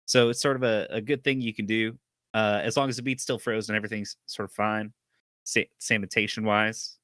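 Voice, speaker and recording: A man's voice: on the low side, steady tone, a little fast, fairly bright tone, no room sound, clean studio sound, lightly acted. A man voicing a shy young farmhand boxer with a folksy drawl, stammering and flustered. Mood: earnest.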